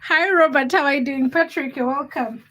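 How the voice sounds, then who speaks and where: At a moderate pace, a young woman with a high-pitched, slightly bright voice runs a casual livestream. She reads through comments, calling viewers by name with plenty of teasing and giggles.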